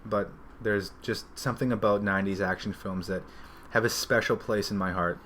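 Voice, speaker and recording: A man's voice: on the low side, steady tone, normal speed, fairly bright tone, slight background noise. A man in his thirties co-hosting a podcast, enthusiastic and joking. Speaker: podcast co-host. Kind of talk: casual chat.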